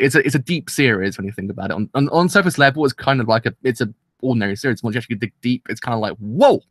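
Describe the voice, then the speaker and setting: Young male reviewer, rapid excitable rambler, dry close-mic sound. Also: medium pitch, no room sound. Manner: rambling, excitable, full of restarts and "kind of". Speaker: anime reviewer. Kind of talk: casual episode review.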